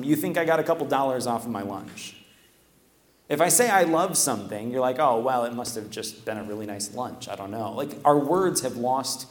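A man delivers a sermon from a church microphone at an everyday middle pitch. He speaks casually and conversationally, tossing in "right?" to keep the congregation with him. His voice rings through a big, echoey church hall with a long reverb tail. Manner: conversational, often tags "right?". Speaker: preacher. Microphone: stands at a microphone.

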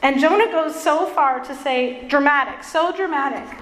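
A woman's voice: high voice, moderate pace, fairly bright tone. A woman preacher giving a sermon, earnest and self-deprecating, with playful asides. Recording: echoey hall with long reverb.

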